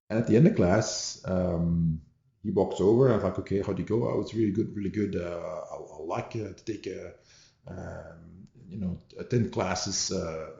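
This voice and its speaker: Deep-voiced man telling rambling stories. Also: creaky, dark tone. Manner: rambling, frequent restarts and asides, amused. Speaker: podcast host, martial arts instructor. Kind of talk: casual storytelling monologue. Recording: dull roomy home recording.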